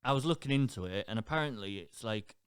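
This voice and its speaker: A young man co-hosting a podcast, telling stories in an animated, casual way. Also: fairly low pitch, fast talker, smooth, no echo, clean studio sound. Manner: animated storytelling, swears freely. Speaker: podcast co-host. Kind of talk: casual chat.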